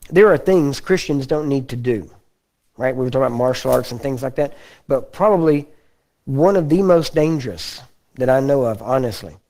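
A man with a Texan accent preaching a folksy, conversational sermon and often clearing his throat. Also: medium pitch, expressive, moderate pace, dark tone. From Texas.

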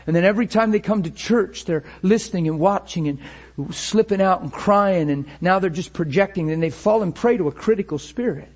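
A man's voice: high voice, normal speed. A man preaching a sermon in an earnest, storytelling way, often repeating words as he goes.

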